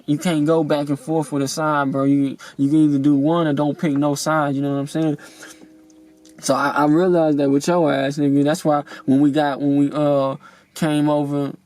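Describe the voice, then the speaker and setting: A young man with a slightly high voice rambles through a heated, profane storytime rant, full of fillers. He talks close to the mic with a dry, dead sound. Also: a little mellow, no echo, rough recording. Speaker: vlogger.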